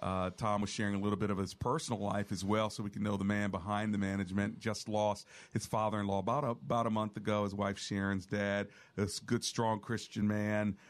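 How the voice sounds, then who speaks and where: A man with a lowish voice hosts a Christian radio call-in show. He talks in an affirming way and often chimes in while others speak. His delivery is that of a seasoned host. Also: flat delivery, brisk, hardly any pauses, dry recording. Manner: affirming, interjecting.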